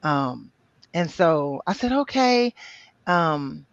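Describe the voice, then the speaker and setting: Middle-aged woman, interview guest, animated personal storytelling, quotes others vividly, dry dull recording. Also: lowish voice, measured pace, no room sound. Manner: animated retelling, acting out quoted voices, many fillers.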